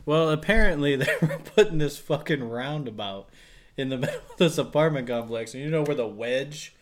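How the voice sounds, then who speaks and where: A man's voice: a little high, animated, moderate pace. Laughing, foul-mouthed podcast guy. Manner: profane, laughing storyteller. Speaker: podcast co-host. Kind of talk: casual podcast banter.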